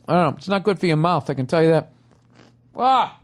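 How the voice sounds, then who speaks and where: A man's voice: on the high side, lively intonation, fairly quick, pauses often. A middle-aged man hosting a comedy podcast, ranting profanely in a casual monologue while chewing food as he talks. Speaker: podcast host.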